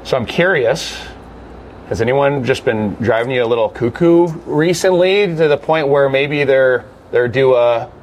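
A man's voice: medium pitch, a little hiss or hum. Upbeat male podcast host. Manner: breezy, upbeat, guides the talk with quick questions. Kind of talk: casual hosted chat.

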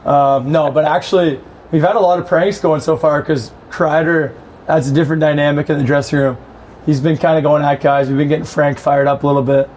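A man's voice: fairly high pitch, brisk, a little hiss or hum. Laid-back male hockey player guest. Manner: relaxed, laid-back, many fillers. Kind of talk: casual chat.

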